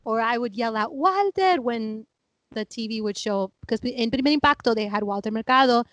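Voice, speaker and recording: Brief: woman, 30s, podcast co-host, lively storyteller, fairly high voice, dry close sound. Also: a little fast, no echo. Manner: animated storyteller, acts out family members; laughing, chatty. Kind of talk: casual chat.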